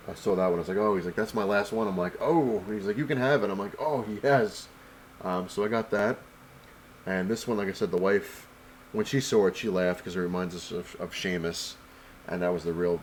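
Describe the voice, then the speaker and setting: A man's voice: deep voice, slight background noise, low-quality recording. A young man telling a rambling, casual story about a comic convention and showing what he bought, full of fillers and quoted back-and-forth. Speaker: comic collector vlogger. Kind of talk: casual convention haul recap.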